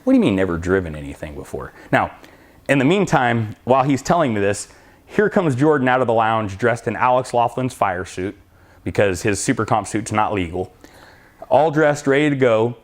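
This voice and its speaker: Middle-aged man, storyteller, animated, plays out the dialogue himself; mid-pitched, casual chat delivery. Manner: animated anecdote telling, acting out both sides of dialogue. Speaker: drag racing school owner and crew chief.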